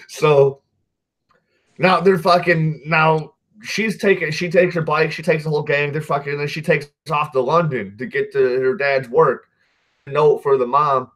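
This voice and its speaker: A man with a slightly high, fairly bright voice speaks a little slowly with fairly even intonation. He's a podcast host giving a casual, rambling movie recap, swearing freely, saying "dude" and "like" a lot, and often backtracking to correct himself.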